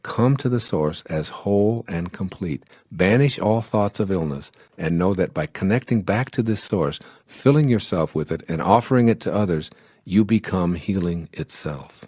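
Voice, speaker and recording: Really deep calm guy reading inspirational stuff, warm dark voice, no room echo. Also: normal speed, slightly rough, studio quality. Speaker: narrator. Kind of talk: scripted inspirational narration.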